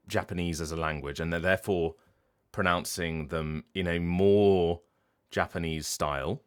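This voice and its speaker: A man's voice: low voice, a bit bright. A voice actor talking casually on his livestream, thinking aloud and restarting his sentences as he explains. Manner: thoughtful, explaining at length with frequent restarts. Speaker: voice actor and streamer.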